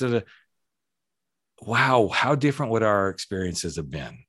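A man's voice: on the low side, very animated, unhurried, fairly bright tone, breathy edge, dry recording, studio quality. A man hosting a conversation, a speaking coach who tells stories and acts out the quoted dialogue. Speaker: podcast host and speaking coach. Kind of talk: casual conversational interview.

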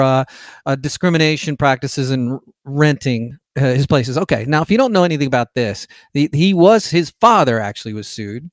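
A man, sick and lying in bed, hosts a podcast in an indignant, mocking monologue. His voice sits a little high for a man, and the sound is close and dry, with no room around it. He stumbles and restarts often as he argues. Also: dry recording. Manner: indignant, sarcastic, mocks opponents in quoted voices. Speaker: podcast host. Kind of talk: casual political monologue.

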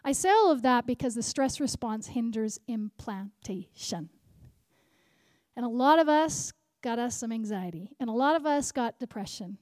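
A woman preaching at a conference, animated, repeating key lines and asking the crowd questions. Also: fairly high pitch, moderate pace, no echo, clean studio sound. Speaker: conference speaker. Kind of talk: sermon.

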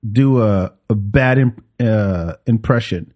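A man's voice: lowish voice, darkish tone. A male podcast host from France, joking and bantering in casual chat with his guest. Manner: joking, quick reactions and banter.

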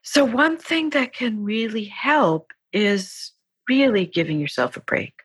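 A woman's voice: fairly high pitch, lively intonation, unhurried, husky, no room sound. A middle-aged woman, a psychologist and author, talking earnestly as a podcast guest. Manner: warm, earnest, acts out quoted voices. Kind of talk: podcast interview.

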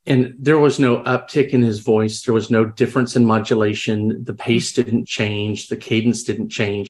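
A man's voice: on the low side, level tone, moderate pace, darkish tone. A man sharing experiences in a reflective, conversational way, often restarting sentences and acting out quoted dialogue. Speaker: podcast guest, crisis responder. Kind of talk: conversational storytelling.

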